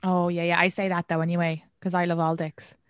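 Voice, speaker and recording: A woman's voice: on the low side, flat delivery, fairly quick, clean tone, dry recording. A woman with an Irish accent hosting a podcast, chatting candidly and giggling a lot. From Ireland. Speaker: podcast host. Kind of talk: casual chat.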